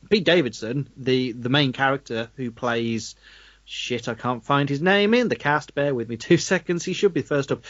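A man, co-hosting a podcast and chatting through a film review, quick to laugh. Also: mid-range voice, fairly bright tone, dry recording. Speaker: podcast co-host. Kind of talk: casual film review chat. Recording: dry, dull lo-fi recording.

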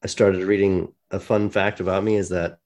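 A man, a comic book writer, chatting relaxed as a podcast guest. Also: deep voice, moderate pace. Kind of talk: casual podcast interview.

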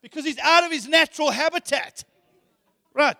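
Very high-voiced preacher. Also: male voice, moderate pace, vocal fry, bright, forceful tone. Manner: emphatic, repeats phrases, rhetorical questions. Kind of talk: sermon. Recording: long hall reverb.

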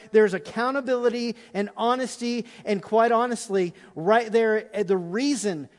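Middle-aged pastor guy preaching, high voice, gets fired up then goes quiet and prayerful, big echoey church hall. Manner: impassioned preaching, drops to hushed prayer. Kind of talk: sermon. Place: large church auditorium. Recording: long hall reverb.

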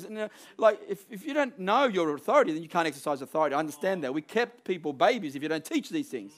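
A man preaching a sermon, emphatic and building to forceful peaks, acting out quoted voices along the way. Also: fairly high pitch, big pitch swings, quick pace, hardly any pauses.

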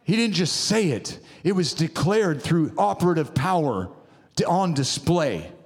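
A man's voice: a little high, very animated, measured pace. Fervent male preacher in a reverberant hall. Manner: fervent, exhorting, often calls out "come on". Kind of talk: sermon. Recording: long reverb of a large hall.

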